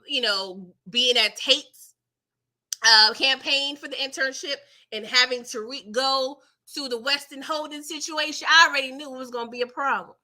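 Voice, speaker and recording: Sassy woman doing a show recap stream, high bright voice, talks right to chat. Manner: sassy, animated, slangy, chatty with viewers. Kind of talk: casual live-stream recap.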